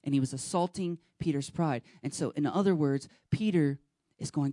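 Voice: medium pitch, normal speed, mellow, dry recording, clean studio sound. A pastor preaching earnestly and urging the listeners directly, now and then acting out short bits of dialogue. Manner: acts out short dialogue scenes. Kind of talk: sermon.

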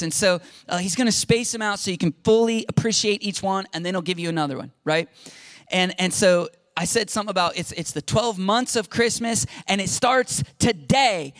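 A middle-aged male pastor telling a story in a conversational, animated sermon, often repeating his words. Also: high voice, normal speed, no echo.

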